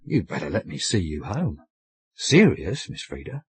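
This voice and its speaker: A man's voice: deep voice, wildly swooping pitch, a little slow, darkish tone, slightly rough, no echo, heavily acted. A man voicing a simple, bluff young sailor who talks in fumbling, colloquial bursts in an audiobook. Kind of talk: audiobook character voice.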